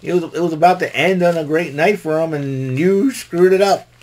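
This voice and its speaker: An indignant male wrestler , as a man puts him on, tears into someone in a raised, exasperated voice. The pitch climbs well above the performer's normal range and the delivery is loud and scolding. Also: normal speed, close to an everyday voice.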